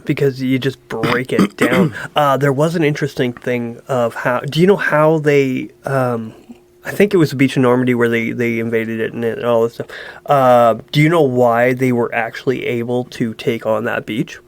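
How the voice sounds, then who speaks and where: A man's voice: medium pitch, steady tone, moderate pace. Chatty podcast host man. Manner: laughs easily, explains with many restarts. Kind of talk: casual chat.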